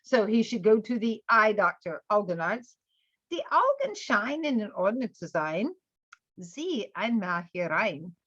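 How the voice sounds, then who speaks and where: A woman teaching a German vocabulary lesson, going through word lists and explaining them with frequent "um" fillers and slowed pronunciation of the German words. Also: mid-range voice, very animated, fairly bright tone, slightly rough, dry recording. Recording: dull, slightly lo-fi, dry sound.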